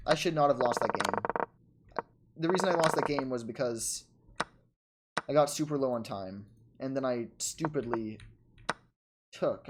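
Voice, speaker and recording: A man in a casual chess vlog, narrating his own game in quick bursts and scolding himself for his mistakes. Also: mid-range voice, background noise. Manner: frustrated, self-critical, talks in quick bursts and trails off. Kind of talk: casual self-commentary over a chess game.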